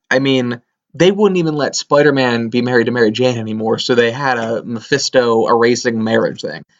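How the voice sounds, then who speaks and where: A man's voice: medium pitch, fairly bright tone. Chatty man on a dull lo-fi recording. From Pennsylvania, US. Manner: rambling, enthusiastic, with many fillers. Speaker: podcast co-host. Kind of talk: casual chat. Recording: dull lo-fi sound.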